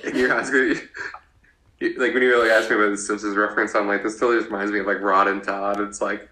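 A man's voice: on the low side, quick pace. A man co-hosting a podcast, casually recapping an episode and jokingly quoting the characters. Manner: lively, quotes characters in a joking way. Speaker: podcast co-host. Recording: roomy echo.

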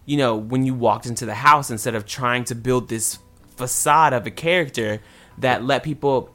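A man's voice: mid-range voice, moderate pace, sharp tone, faint music behind. A man hosting a podcast, chatting casually about a reality show in a sassy, emphatic way. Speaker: podcast host. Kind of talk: casual gossip chat.

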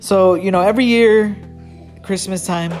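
A man's voice: high voice, normal speed, soft background music. A man telling a casual storytime anecdote, rambling and restarting often, laughing at his own story.

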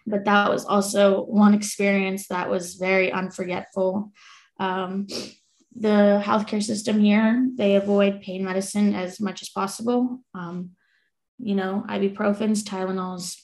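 A woman's voice: mid-range voice, little pitch movement, normal speed, gravelly, a little mellow. A woman in her twenties, a podcast guest, telling a personal story in an earnest way, laughing now and then between lines. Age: 20s. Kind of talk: casual storytelling.

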